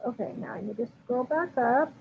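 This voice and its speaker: A woman's voice: a little high, a little fast, vocal fry. A woman dog trainer answering viewer questions in a casual live stream, chatty with frequent ums and likes. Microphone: livestream computer mic. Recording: tinny phone-like line with faint hiss.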